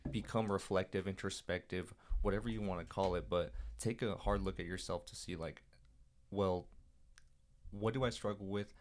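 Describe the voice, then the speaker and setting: A man co-hosting a podcast who asks calm, thoughtful questions. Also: deep voice, a little hiss or hum. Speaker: podcast co-host. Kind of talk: interviewing, reflective questions.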